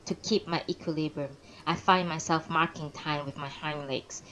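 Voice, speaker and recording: A woman reading a classic novel aloud on a live stream, expressive with pauses and small self-corrections. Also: low-pitched, slight background noise, rough recording. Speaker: narrator and streamer.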